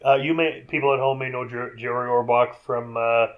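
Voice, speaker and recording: A man co-hosting a podcast recaps a film in casual chat, talking fairly quickly in a mid-range voice over phone-quality sound. He's animated, swears freely, and acts out scenes by quoting them in put-on voices.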